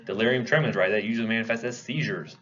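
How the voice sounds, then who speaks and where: A man's voice: fairly low pitch, fast talker, fairly bright tone, muffled recording, slight background noise. A man giving a classroom lecture in a conversational way, posing questions to the class and answering them himself. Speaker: pharmacology lecturer.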